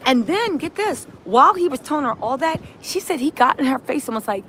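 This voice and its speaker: A woman hosting a reaction livestream, recapping events in animated storytelling, acting out quotes and often asking "right?". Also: high voice, fast talker, few pauses, slight background noise. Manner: punctuates with "right?". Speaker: streamer host.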